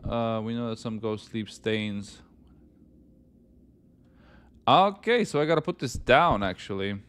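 A man giving jokey let's-play commentary on a horror game, talking to himself and breaking into panicked yelling. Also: medium pitch, lively intonation, slow pace, pauses often, clean tone. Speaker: gaming YouTuber.

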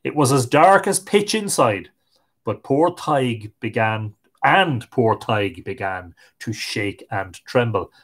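An Irish man hosting a live stream, reading old fairy tales aloud in a lilting, expressive way. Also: medium pitch, slow pace. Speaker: host and storyteller.

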